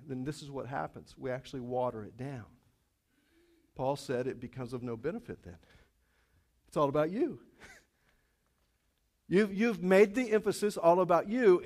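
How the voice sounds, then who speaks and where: A man's voice: fairly high pitch, creaky, darkish tone. A man preaching a sermon in a conversational way, stumbling over restarts, chuckling, then pushing hard on his key points. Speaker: pastor.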